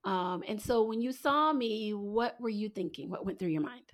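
A woman's voice: medium pitch, animated, moderate pace. Playful, teasing woman podcast host. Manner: playful teasing, laughing often. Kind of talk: casual podcast chat.

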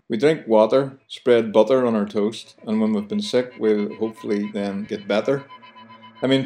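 A man's voice: on the low side, mellow. A man with a Belfast accent hosting a radio show, chatty and playful, mimicking local phrases. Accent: Belfast, Northern Ireland. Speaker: radio host.

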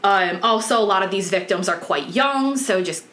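Woman telling a true crime story, crisp bright tone, loose and chatty, roomy echo. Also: mid-range voice, animated, normal speed. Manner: chatty, candid, swears, many ums. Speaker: true crime podcast host. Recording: roomy echoey room.

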